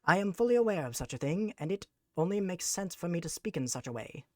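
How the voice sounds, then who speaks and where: Streamer, lively pitch, dry close sound, formal mock-villain speech, sarcastic. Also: fast, dry recording. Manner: sarcastic deadpan jokes, frequent laughs. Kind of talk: casual live-stream chat.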